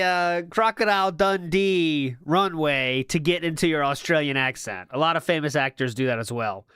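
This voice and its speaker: Brief: male host, sarcastic, mock-serious, higher voice, very dry close sound. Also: moderate pace, hardly any pauses, fairly bright tone, clean tone, dry recording. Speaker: stream host. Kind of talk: reaction stream commentary.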